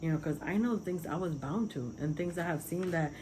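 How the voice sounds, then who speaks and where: A woman's voice: low voice, fairly quick, noisy background. A woman talking casually and earnestly, rambling with many fillers as she describes spiritual visions. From Puerto Rico. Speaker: vlogger sharing spiritual visions. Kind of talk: casual testimony.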